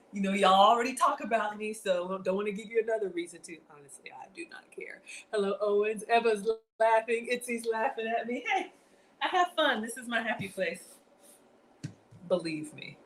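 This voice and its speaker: A woman's voice: mid-range voice, normal speed, a little hiss or hum. Chatty woman with a slight Southern drawl. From African born, grew up in the US South. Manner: chatty, talks to chat viewers, laughs often. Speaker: live-stream cooking host. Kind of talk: casual live-stream cooking chat. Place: home kitchen.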